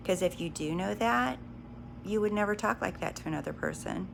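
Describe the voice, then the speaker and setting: Woman, live-stream host, calm reassuring talk, low-pitched voice, audible background noise. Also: gravelly. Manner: calm, reassuring, repeats herself, addresses viewers directly. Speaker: livestream host.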